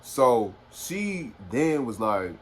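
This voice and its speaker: Speaking very slowly in a mid-range voice, this young Houston vlogger is recorded on a phone with a little hiss or hum. His casual personal story is rambling, filler-heavy and animated.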